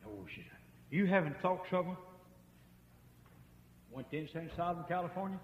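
Man preaching, high-pitched, fervent, dull lo-fi tape, long church reverb. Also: lively intonation, normal speed, slight background noise. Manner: impassioned, swinging from hushed murmurs to shouts. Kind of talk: revival sermon storytelling.

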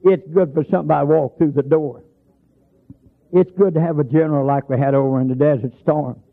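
A man's voice: fairly high pitch, fairly even intonation, fairly quick, creaky. A man preaching a sermon, telling folksy stories and stretching out emphatic lines. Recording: tinny lo-fi broadcast sound.

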